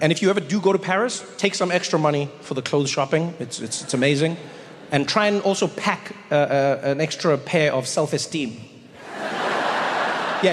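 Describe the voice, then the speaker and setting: Animated stand-up comedian man. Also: on the high side, big-room sound, a little hiss or hum. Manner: animated storytelling, stammers on restarts. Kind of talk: stand-up routine.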